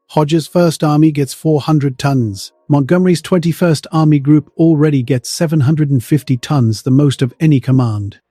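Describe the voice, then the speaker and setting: A man's voice: a little high, dark tone, no echo. A man narrating a dramatic history story in the present tense.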